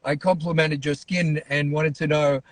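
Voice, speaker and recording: A man with an Australian accent, a guest chatting casually by phone from a ballgame, warm and complimentary. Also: fairly high pitch, steady tone, normal speed, no echo. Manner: warm, complimentary, laughs easily. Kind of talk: casual chat. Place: outdoors at a ballgame.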